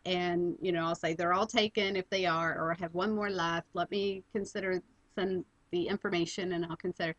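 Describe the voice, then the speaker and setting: A woman hosting an interview show, asking questions in a friendly, halting way. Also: on the low side, fairly even intonation, a bit bright, no room sound, dull audio. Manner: friendly, hesitant, many ums and uhs. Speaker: radio show host. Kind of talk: interview conversation.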